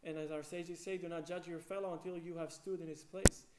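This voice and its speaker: A rabbi preaches on the weekly portion, spinning a tale and slipping into the voices of its characters. His voice sits fairly high and he leans on fillers as he goes. The room has a noticeable echo around him. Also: fairly quick, very noisy. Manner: animated storyteller, acts out quoted voices, many fillers. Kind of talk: Torah portion sermon with storytelling. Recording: echoey room.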